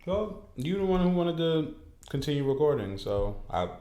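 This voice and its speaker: A man's voice: a little high, big pitch swings, normal speed, dark tone. A man co-hosting a podcast, talking bluntly and challenging his partner in a heated chat. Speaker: podcast co-host. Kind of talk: heated casual conversation. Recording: roomy, echoey sound.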